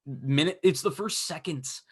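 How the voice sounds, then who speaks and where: A man's voice: a little high, a little slow, a bit bright, slightly rough. A young man co-hosting a casual hockey podcast, talking through games in a rambling way full of fillers and restarts. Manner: rambling, filler-heavy analysis. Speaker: podcast co-host. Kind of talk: casual sports chat.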